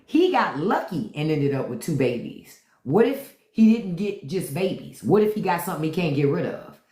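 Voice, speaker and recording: Woman, middle-aged, low voice, lively pitch, blunt, profane, live-stream chat, echoey room. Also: normal speed. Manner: blunt, profane, animated storytelling.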